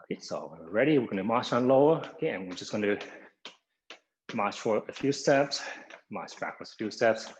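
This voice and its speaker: Man, exercise instructor, lowish voice, a bit winded, "okay" before each cue, video call. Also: lively intonation, brisk, a little hiss or hum, rough recording. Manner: begins most cues with "okay", counts down seconds. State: somewhat out of breath. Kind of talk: live online exercise class instruction. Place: home via video call. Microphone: video call microphone.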